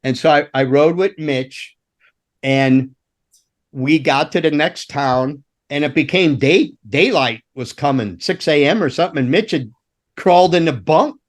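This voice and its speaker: A man's voice: fairly high pitch, unhurried. An older man, a former roadie, telling rambling, profane road stories in casual chat, laughing and acting out quotes. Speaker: guest, former rock roadie.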